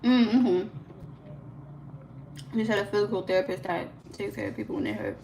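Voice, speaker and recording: A woman's voice: medium pitch, moderate pace, a little hiss or hum, poor audio. Chatty young woman live-streaming at home. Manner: chatty and animated, lots of "like" fillers, laughs often. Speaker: livestream host. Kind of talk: casual live-stream chat. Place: home kitchen.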